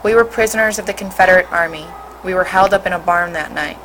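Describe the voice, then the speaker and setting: A woman with a fairly low voice reads a storybook aloud in a steady, expressive way. She sounds like a teacher reading to a class, with a faint hum behind her. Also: fast talker, poor audio.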